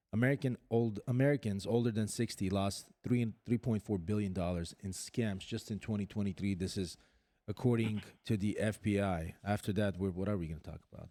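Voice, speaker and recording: A man's voice: on the low side, mellow, no room sound. A man hosting a podcast, chatting casually and running through news items with frequent fillers and restarts. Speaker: podcast host.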